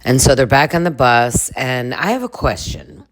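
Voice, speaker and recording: Low-voiced woman doing crude commentary. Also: big pitch swings, normal speed. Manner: crude, sarcastic, chatty. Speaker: reaction video host. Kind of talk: comedic reality-TV commentary.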